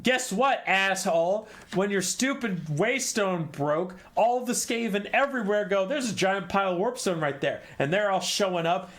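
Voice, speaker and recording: A man voicing a greedy, scheming rat-man clan boss who pushily demands a fix, pitched higher and louder than his own talk. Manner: pushy, exasperated, demanding.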